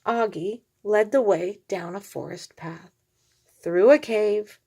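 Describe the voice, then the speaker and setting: A woman hosting a video, reading a storybook aloud with chatty relaxed asides. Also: mid-range voice, takes it slowly, breathy edge. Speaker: reborn doll collector and video host. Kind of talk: storybook read-aloud with hand puppets.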